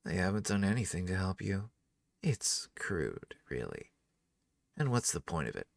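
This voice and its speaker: A haughty rival sorceress with a cool, superior drawl, as a male narrator does her voice. She sounds low and gravelly, delivered close and dry with no room sound. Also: wildly swooping pitch, measured pace, no room sound, distant mic, heavily acted. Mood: scornful. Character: haughty red-haired woman court wizard, rival.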